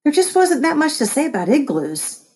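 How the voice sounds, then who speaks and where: A woman's voice: high voice, big pitch swings, moderate pace, mellow, pitched above the performer's own voice. A woman voicing a sensible teenage boy, the best friend, with a dry, matter-of-fact delivery in an audiobook. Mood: encouraging. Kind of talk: audiobook character voice.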